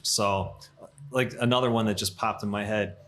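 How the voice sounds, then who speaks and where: A man in his thirties, a podcast guest in a coffee shop, telling funny stories in a quick, laughing way. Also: fairly low pitch. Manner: animated, laughing, fast anecdotes. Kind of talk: casual storytelling chat.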